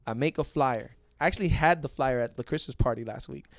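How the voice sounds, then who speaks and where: A young man telling a profane, animated story in a casual podcast chat. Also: mid-range voice, a little fast, creaky, no room sound, studio quality. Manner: profane, animated, acts out other people's voices. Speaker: podcast guest.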